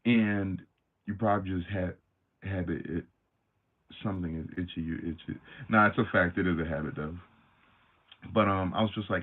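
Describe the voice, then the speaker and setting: Brief: lower-pitched male streamer, slangy and animated, tinny phone-like audio. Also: moderate pace, long pauses. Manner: animated, slangy, many fillers. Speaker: livestream host. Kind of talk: casual livestream storytelling.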